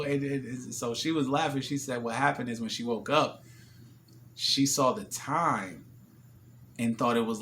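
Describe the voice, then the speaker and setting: Male vlogger, casual and animated, heavy slang, mid-range voice, slight background noise. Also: mid-range voice. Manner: animated storytelling with slang and restarts. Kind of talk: casual personal vlog.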